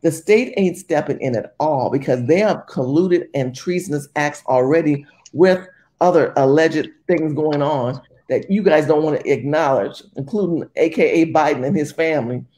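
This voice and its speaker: A woman's voice: sits low, moderate pace. A woman from California giving emphatic, rambling political commentary. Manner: emphatic, rambling, animated delivery.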